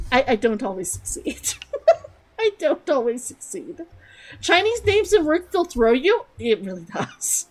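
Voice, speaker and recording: Young woman, casual game commentary; chatty, giggly, lively high voice. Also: slow pace, pauses often, faint music behind, poor audio. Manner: chatty and rambling, laughs often, repeats words. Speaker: streamer.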